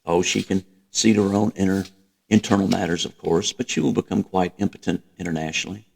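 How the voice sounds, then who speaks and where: A man voicing a grandiose middle-aged dictator, speaking in a slow, emphatic rant. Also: low-pitched, fairly even intonation, gravelly, a little mellow, a little hiss or hum.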